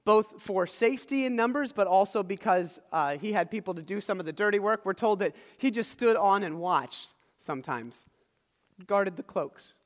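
His voice sits high and sounds a bit bright as he preaches to his church. Speaking as pastor, he recounts a scripture story in a chatty way and turns aside to address the congregation, all captured in a big church hall with lingering reverb.

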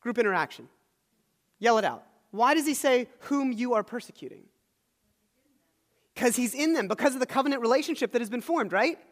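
This man's pitch is extremely high, and he speaks in an animated, fairly quick manner broken by long pauses. As pastor of a church, he retells a scripture story casually, adding asides for the congregation. The setting is a big church hall with long reverb.

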